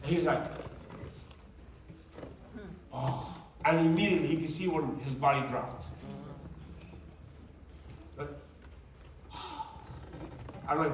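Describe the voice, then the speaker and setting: Speaking in a voice on the high side, a man gives a motivational storytelling presentation a little slowly, with long pauses. He animatedly acts out the dialogue for a group in a large meeting room, and the distant mic catches the hall's echo along with slight background noise.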